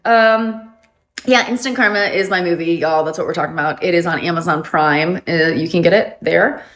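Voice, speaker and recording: A woman's voice: lowish voice, normal speed, fairly bright tone. A woman, chatting casually and upbeat on a livestream and laughing often. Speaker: livestream host.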